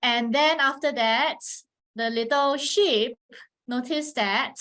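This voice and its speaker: Woman presenter, a bit high-pitched, patient teacher's delivery for an online class. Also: takes it slowly. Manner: patient teacherly explaining, frequent "all right" check-ins; models Mandarin tones with sharp pitch swings. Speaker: webinar presenter on teaching Chinese. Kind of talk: instructional webinar talk.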